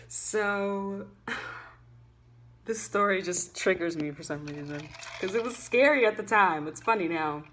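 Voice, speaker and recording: Bright-voiced young woman telling a story. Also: mid-range voice, slow. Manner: chatty, full of "like" fillers; animated, swings between loud and hushed. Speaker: student vlogger. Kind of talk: casual storytime vlog.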